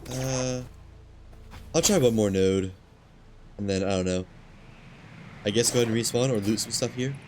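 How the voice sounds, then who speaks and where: A man streaming a game, talking to himself in a relaxed, muttering way while he plays, with hiccups. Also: medium pitch, moderate pace, long pauses. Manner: muttering to himself, laid-back. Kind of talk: casual gameplay commentary. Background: game ambience and engine noise.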